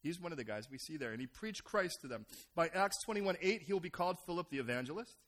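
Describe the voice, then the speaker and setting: Middle-aged American male pastor, lively sermon delivery, high and bright. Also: quick pace. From United States. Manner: animated, acts out voices of others.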